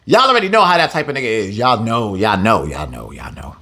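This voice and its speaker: A Bible teacher with a medium-pitched voice talks fairly quickly through an informal scripture lesson. He reads verses and then retells them in slang, staying animated and laughing often.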